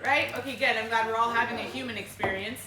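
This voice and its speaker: A woman fitness coach talking to a group in a lively way, asking them questions and acting out her clients. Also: on the high side, quick pace, far from the mic, a crowd in the background. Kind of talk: group workshop talk. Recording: roomy, from across the room, faint noise.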